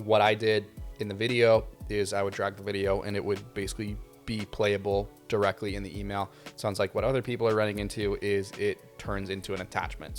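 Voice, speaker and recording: A man hosts a casual Q&A session about his craft, with a slightly low voice. He talks in a loose, conversational way, sprinkling in ums and uhs. The delivery stays easygoing throughout. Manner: relaxed, conversational, frequent fillers. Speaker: video production channel host. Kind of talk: casual Q&A advice talk.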